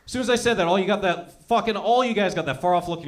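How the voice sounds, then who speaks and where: A young man with a high-pitched voice performs a stand-up set. He rambles through profane, animated stories. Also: racing. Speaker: stand-up comedian.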